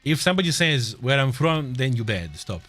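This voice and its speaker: A man's voice: medium pitch, very animated, fairly quick, fairly bright tone, faint music behind. A man with a Russian accent giving casual, joking live esports commentary and chatting with viewers, laughing often. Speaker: esports caster.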